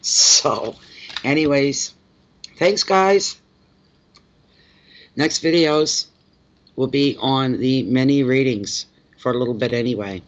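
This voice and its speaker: A man from Canada hosts a relaxed live stream as a tarot reader, chatting with viewers and greeting them one by one. He rambles and often repeats his words. The audio is a little muffled and lo-fi. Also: medium pitch, a little slow. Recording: slightly dull lo-fi audio.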